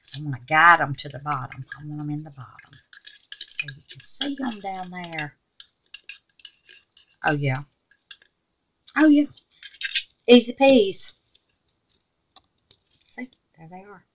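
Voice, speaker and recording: This woman's low voice comes through a noisy background as she slowly walks viewers through a craft project at home, leaving long pauses. Animated and exclamatory, she lovingly addresses her audience as babies.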